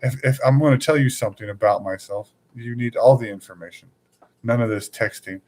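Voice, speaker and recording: A man's voice: mid-range voice, brisk, a little mellow. A man hosting a casual live-streamed chat show, joking and rambling with his guests and laughing often. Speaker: podcast host.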